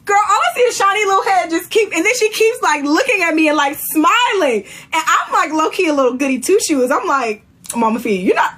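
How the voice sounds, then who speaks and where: A young woman chatting casually on a live stream, telling a lively story and acting out what people said. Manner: animated storytelling, acts out quotes in high voice. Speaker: reality show contestant.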